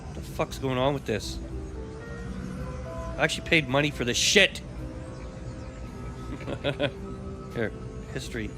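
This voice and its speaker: A man's voice: mid-range voice, slow, long pauses, music in the background. A man casually live-streaming a role-play game, swearing and joking as he prods the story along. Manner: swears freely, frustrated, joking.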